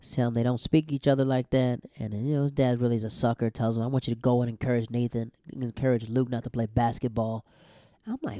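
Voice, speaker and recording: A young man giving a casual, slangy recap of a TV episode, breaking into high exclaiming bursts. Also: steady tone, fast, dark tone, no echo, studio quality. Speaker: show recapper.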